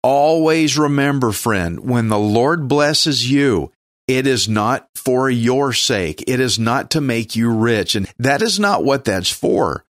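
A man's voice: medium pitch, animated, takes it slowly, no room sound, clean studio sound. A man from Texas with a Texan accent, teaching the Bible on a radio show in a casual, folksy, joking way, sometimes stumbling over names.

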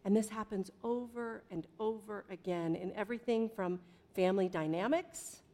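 A middle-aged woman preaching a sermon in a conversational way, with dramatic pauses and big swings in volume. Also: mid-range voice, warm tone. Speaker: pastor.

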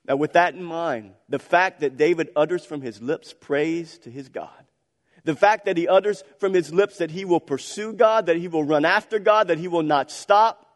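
Male preacher, impassioned sermon, fairly high voice, long hall reverb. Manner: impassioned, repetitive, rhetorical questions.

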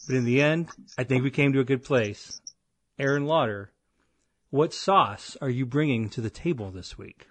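A man's voice: mid-range voice, fairly bright tone, no room sound. A man hosting a podcast in casual chat, telling stories in a rambling, self-deprecating way. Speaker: podcast host.

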